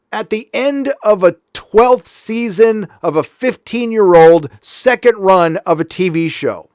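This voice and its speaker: A man from California rants as host of his own show, sarcastic and heated. His voice sits a little high for a man. The sound is dry and close, with no room echo. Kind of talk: casual commentary rant.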